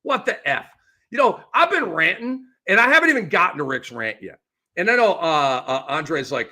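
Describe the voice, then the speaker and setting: A middle-aged man hosts a sports show alone, ranting with excitable swings in volume. His voice sits high and bright. It leaps around with a lively, bouncing pitch. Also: fairly quick. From lives in the Tampa Bay area. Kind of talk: animated solo sports commentary.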